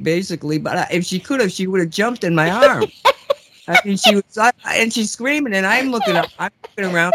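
A woman's voice: medium pitch, fairly bright tone. A woman hosting a talk show, telling stories in a rambling way, laughing often and restarting her sentences. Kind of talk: casual storytelling chat.

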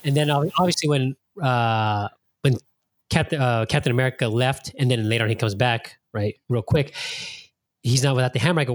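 Animated, profane man hosting a podcast. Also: mid-range voice, fairly quick, no room sound. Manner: animated and profane, acting out his own reactions. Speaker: podcast host. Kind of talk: casual chat.

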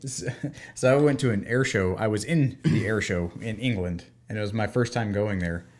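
A man's voice: on the low side, moderate pace, darkish tone. A man from the United States co-hosting a casual podcast chat, telling stories and joking. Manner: joking, storytelling. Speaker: podcast co-host.

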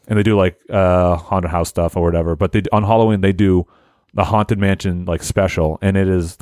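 A man's voice: sits low, no room sound. A man hosting a podcast, chatting casually and cracking crude jokes at a close microphone. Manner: animated, profane, joking. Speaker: podcast host. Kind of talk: casual podcast chat and reading.

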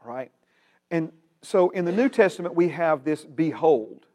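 A man with a Southern American accent teaches a Bible class over a computer stream. His voice sits a little high for a man, and his delivery is folksy and casual. He slows down to repeat his key phrases for emphasis. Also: expressive, a little mellow. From Alabama, United States.

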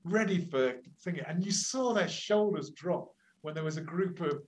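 A man's voice: a little high, normal speed, a little hiss or hum, rough recording. Older male academic guest, chatty storyteller who stumbles and restarts, puts on voices in quotes. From England. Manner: lively anecdotal telling with many restarts and acted quotes. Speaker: climate scientist and lecturer, interview guest. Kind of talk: storytelling interview answers.

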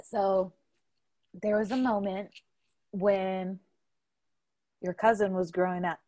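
A young adult woman hosts a casual family chat, telling stories full of laughter. She is an animated podcast host who laughs often and acts out quotes loudly, speaking slowly at a medium pitch. The recording is studio quality with no room sound.

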